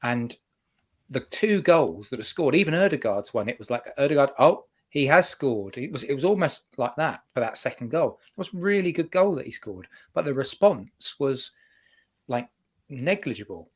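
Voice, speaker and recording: Podcast cohost, man, mid-pitch, meanders and self-corrects. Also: sing-song, moderate pace. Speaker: podcast co-host. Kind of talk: casual football chat.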